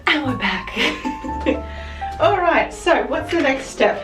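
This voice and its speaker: A woman's voice: high-pitched, lively intonation, slow pace. Chatty Australian woman in an echoey room. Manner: chatty, rambling, corrects herself mid-sentence. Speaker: vlogger. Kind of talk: casual chat to camera. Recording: roomy echo, mic at a distance, music behind. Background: music.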